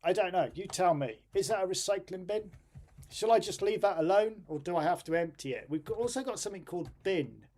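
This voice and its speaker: A man's voice: high-pitched, lively intonation, brisk, darkish tone. A middle-aged man streaming live, who talks through his computer troubles, swears in frustration and laughs at himself. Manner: exasperated, self-deprecating, swears and laughs at himself. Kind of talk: live-stream chat while programming.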